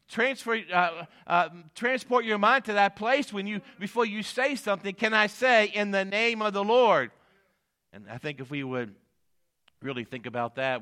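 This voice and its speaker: A middle-aged male pastor preaching a sermon, building to emphatic peaks and dropping low for asides, with repeated "amen" and "guess what". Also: bright, forceful tone.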